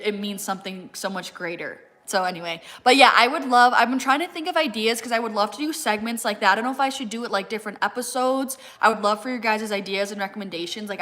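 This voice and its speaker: A woman's voice: mid-range voice, sharp tone. A young woman chatting casually on a live stream, reading out viewer comments and using "like" constantly while eating. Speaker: fitness content creator.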